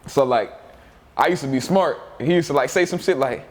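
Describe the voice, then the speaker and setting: A young man from Alabama recounts his past in a loose, profane, laughing way. His voice sits a little high for a man. He keeps the tone of a casual sit-down interview. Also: brisk. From Mobile, Alabama. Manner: animated, profane, laughing anecdotes. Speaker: interview guest.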